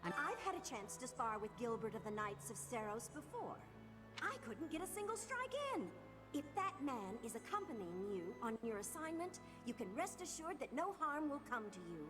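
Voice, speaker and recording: A woman's voice: fairly high pitch, sing-song, normal speed. An actress playing an earnest, chatty young female student fighter. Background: game music.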